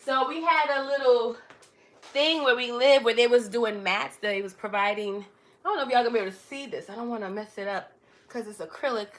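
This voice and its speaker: A woman's voice: on the high side, fairly bright tone. A young adult woman in hosting a casual livestream, talking loosely and rambling with frequent laughs. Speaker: livestream host.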